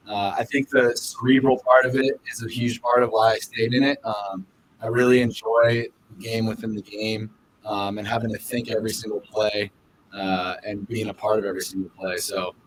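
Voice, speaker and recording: A man's voice: on the low side, slight background noise, poor audio. A young man from Southern California, a professional baseball catcher, answering questions earnestly in a casual podcast interview, with lots of fillers and restarts.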